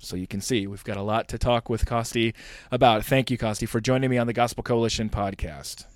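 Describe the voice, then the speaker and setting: A man's voice: mid-range voice, steady tone, brisk, dry recording, studio quality. Male podcast host reading a formal intro. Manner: reads quotes formally. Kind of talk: scripted podcast intro and interview.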